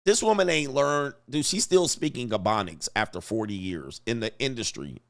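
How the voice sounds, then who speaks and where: A man's voice: medium pitch, animated, moderate pace. A man hosting a livestream reaction commentary, talking in a blunt, mocking way and chuckling often. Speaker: commentary host.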